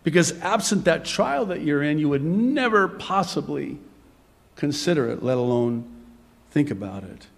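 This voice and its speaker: A man preaching a sermon in an animated way, dropping to a whisper for dramatic effect. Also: a little high, moderate pace, vocal fry, big-room sound. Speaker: pastor.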